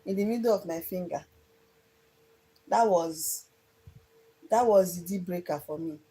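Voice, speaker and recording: Earnest woman, mellow voice, telling her story. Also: fairly low pitch, a little slow, low-quality recording. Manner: earnest, repeats herself, speaks to viewers directly. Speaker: live streamer telling her life story. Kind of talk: casual personal storytelling on a livestream.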